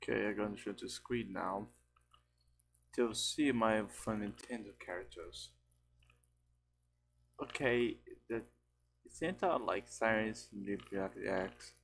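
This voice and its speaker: A man hosting a casual vlog, talking in a halting way with many restarts and broken phrasing. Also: fairly low pitch, creaky. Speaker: channel host. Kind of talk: casual vlog chat about his characters.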